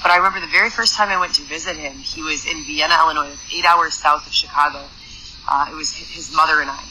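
A woman's voice: deep voice, noisy background. A woman hosting her own podcast, telling a story in a chatty, rambling way full of fillers and restarts, earnest and emphatic. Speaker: podcast host. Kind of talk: casual storytelling monologue.

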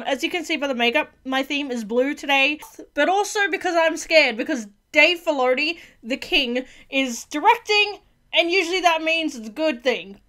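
A young woman with a high, bright-toned voice runs a reaction vlog, chatting excitedly about a TV episode. She gasps, squeals and exclaims loudly as the scenes play, talking quickly between outbursts. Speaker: YouTube reaction host.

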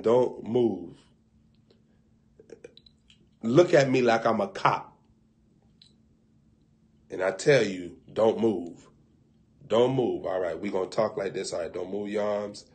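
A man preaching on a live broadcast, telling a funny story in a colloquial way. He laughs at his own jokes and swings between loud bursts and hushed asides. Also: lowish voice, lively intonation, unhurried, pauses often. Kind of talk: humorous sermon storytelling.

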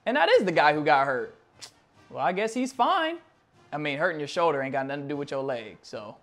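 Excitable man calling his own game. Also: a little high, moderate pace. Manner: excitable play-by-play, shouting at big plays, muttering through menus. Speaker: gaming channel host. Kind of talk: video game commentary.

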